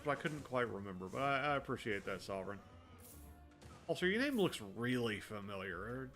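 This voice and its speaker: A man commenting casually on his own gameplay, chatty and self-deprecating as he talks to his viewers. His pitch sits in a middling range. Faint music plays underneath. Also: big pitch swings, a little fast, fairly bright tone. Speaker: streamer.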